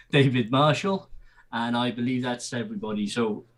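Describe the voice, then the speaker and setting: A man on a casual live chat panel, reading out viewer names in an unhurried way. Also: medium pitch.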